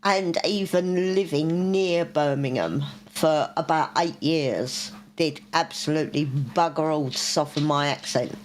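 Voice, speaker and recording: Woman, London accent, podcast co-host, blunt and sweary, slow delivery, faint background hiss. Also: deep voice. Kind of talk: casual chat.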